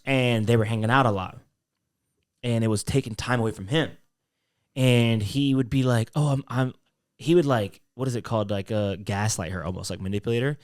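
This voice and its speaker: A man's voice: on the low side, brisk. A young man co-hosting a podcast, telling a story in casual chat with loose fillers and quoted voices. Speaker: podcast co-host.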